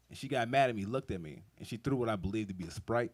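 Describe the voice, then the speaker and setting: A man's voice: mid-range voice, animated, fast talker, a little mellow. A young man doing a stand-up comedy set, telling rambling, profane stories and laughing often. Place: outdoor backyard show.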